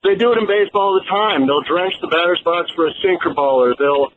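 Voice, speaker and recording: A male caller chats casually with a radio host, stopping on fillers as he talks. His voice sits slightly high. He comes through a thin, tinny phone line with faint background hiss. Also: a little fast. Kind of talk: call-in phone chat.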